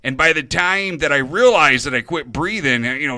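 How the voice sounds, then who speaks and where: A man's voice: fairly high pitch, lively intonation, normal speed, sharp tone, no room sound. A middle-aged man hosting an internet radio show, rambling nervously about himself in a confessional monologue, stumbling and restarting his sentences.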